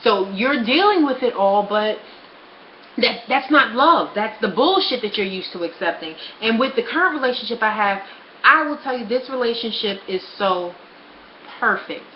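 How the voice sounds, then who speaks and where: A woman's voice: fairly high pitch, expressive, normal speed, slight background noise. A young woman talking frankly and bluntly in a casual personal vlog, swearing freely. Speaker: vlogger. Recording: roomy, slightly dull home recording.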